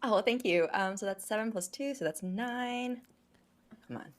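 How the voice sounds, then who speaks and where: A woman's voice: mid-range voice, normal speed. A woman playing a tabletop horror game, describing her character's actions vividly. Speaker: player.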